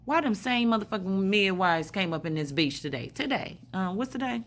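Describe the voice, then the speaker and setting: A woman's voice: medium pitch, lively intonation, brisk, a bit bright, slight background noise. A woman in a hospital room telling a rambling story in a blunt, profane way, full of fillers. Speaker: spiritual vlogger. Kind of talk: casual storytelling monologue.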